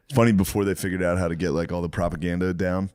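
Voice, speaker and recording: A man's voice: deep voice, fairly even intonation, racing, a little mellow, clean tone, dry recording. A man co-hosting a podcast in casual chat, laid-back and dry, laughing along with his partner. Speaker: podcast co-host.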